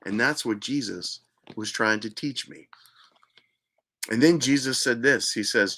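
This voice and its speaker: Slow, emphatic preaching man. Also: medium pitch, sharp tone. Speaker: host. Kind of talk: preaching monologue.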